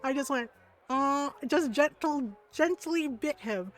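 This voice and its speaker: A woman streamer telling a funny story in casual chat, animated, laughing often and tagging lines with "right?". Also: high-pitched, slow. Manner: animated, laughs often, many fillers and tag questions.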